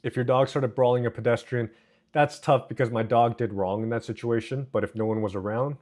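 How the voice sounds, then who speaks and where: Man, livestream host, joking banter with chat, mid-pitched voice. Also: steady tone, brisk, darkish tone. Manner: joking, reads chat aloud and banters with viewers.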